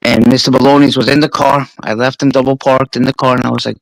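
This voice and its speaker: A man's voice: mid-range voice, quick pace, creaky, no echo, poor audio. New york guy on a stream telling a dog story, cursing a lot, dry close sound. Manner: profane, animated storyteller. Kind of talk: casual storytelling chat.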